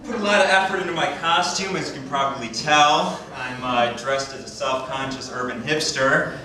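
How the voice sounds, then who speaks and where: A man doing a deadpan, self-deprecating stand-up comedy set. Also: medium pitch, moderate pace. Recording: echoey club from far off. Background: crowd laughter.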